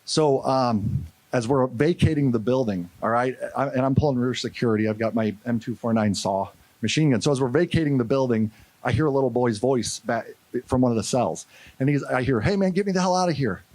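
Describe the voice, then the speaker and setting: A man's voice: mid-range voice, a little fast, dry recording. A man from St. Louis speaking at a conference, telling a story with energy and acting out the voices of the people in it. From St. Louis, USA. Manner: animated, acts out quotes. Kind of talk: storytelling keynote talk.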